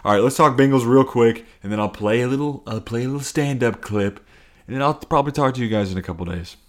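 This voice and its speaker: A man talking alone into his podcast mic at an easy middle pitch. He rambles, swears freely and keeps breaking off his own sentences. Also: fast talker. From Cincinnati. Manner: rambling, profane, self-interrupting. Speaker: podcast host. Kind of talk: casual solo podcast rant.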